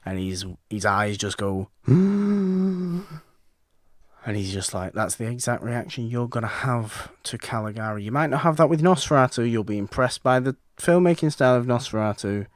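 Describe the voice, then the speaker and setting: A man co-hosting a podcast, talking about films casually, lively and acting out reactions. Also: on the low side, brisk, few pauses, dry recording, studio quality. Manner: animated, acts out reactions, frequent restarts. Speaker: podcast co-host. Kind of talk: casual film chat.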